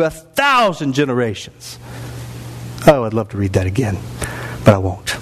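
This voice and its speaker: A man's voice: medium pitch, wildly swooping pitch, normal speed, long pauses. A man in his thirties preaching a sermon in a church, reading scripture aloud and rising into emphatic bursts. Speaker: pastor. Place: church sanctuary.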